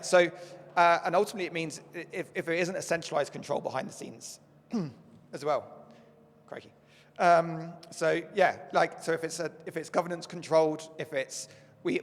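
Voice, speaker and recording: A man speaking on a conference panel, explaining with lots of filler words, his voice going hoarse as he keeps clearing his throat. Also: on the high side, steady tone, normal speed. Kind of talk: panel discussion. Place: conference stage. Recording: echoey conference hall.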